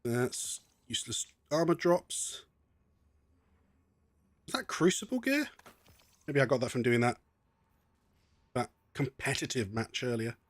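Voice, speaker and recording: A man's voice: mid-range voice, expressive, measured pace, pauses often, dry recording. A man streaming a video game, chatting in a rambling way and often laughing. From half Scottish. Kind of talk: live game stream commentary.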